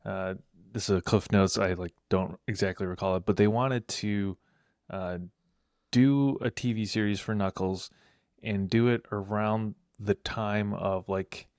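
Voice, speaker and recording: A man co-hosting a podcast in casual chat, explaining things hesitantly with many pauses and fillers. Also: lowish voice, steady tone, a little mellow, dry recording, clean studio sound. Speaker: podcast co-host.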